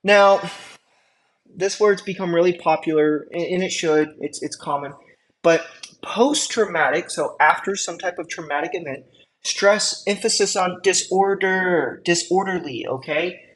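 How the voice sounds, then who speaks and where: A man's voice: high voice, measured pace, a bit bright, poor audio. A man teaching an EMT class, talking casually with lots of fillers and check-in questions. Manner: conversational, with frequent fillers and check-ins. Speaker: EMT instructor. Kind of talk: classroom lecture.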